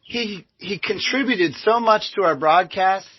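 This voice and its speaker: A man co-hosting a casual chat show, hesitant and halting, giving thanks and shout-outs. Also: sits high, slightly rough, no room sound. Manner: hesitant, many "uh" fillers, grateful. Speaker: co-host. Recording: muffled lo-fi audio.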